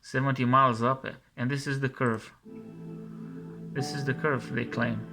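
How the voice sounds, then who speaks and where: A man's voice: mid-range voice, little pitch movement, moderate pace, music in the background. A man commenting scornfully over a video he plays, mocking and scolding its makers and often repeating himself.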